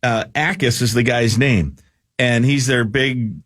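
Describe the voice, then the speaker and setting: A man's voice: mid-range voice, fairly even intonation, unhurried, a bit bright. A middle-aged man on a sports radio show, telling a football story in a rambling, casual way with many restarts.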